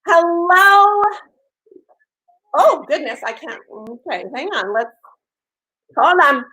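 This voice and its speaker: Woman, 50s, live stream host: effusive, loud, bright and lively voice. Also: sits high, measured pace, low-quality recording. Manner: effusive and gushing, talks loudly. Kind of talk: casual live stream chat.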